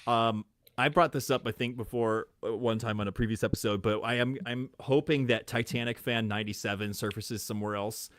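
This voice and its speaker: A man's voice: medium pitch, fairly even intonation, brisk, a bit bright, no room sound. A man hosting a podcast in casual chat, telling stories with lots of fillers and hesitations. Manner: hesitant, filler-heavy storytelling. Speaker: podcast host.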